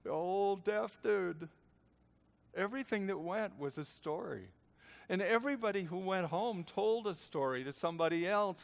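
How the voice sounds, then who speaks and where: An older man preaching a storytelling sermon, swinging between hushed and loud lines. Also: sits high, long reverb tail. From United States.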